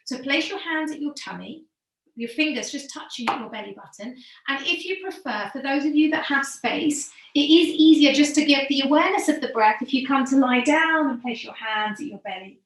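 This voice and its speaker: Calm woman guiding yoga breathing. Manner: calm, slow and soothing, drops to soft low guidance. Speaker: yoga teacher. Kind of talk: guided yoga breathing instruction. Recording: echoey room, from far off the mic.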